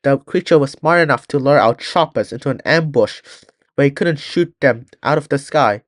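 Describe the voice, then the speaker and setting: A man doing a calm, cautious army colonel. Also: mid-range voice, no echo, clean studio sound, natural voice. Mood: measured. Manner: measured, reasoning.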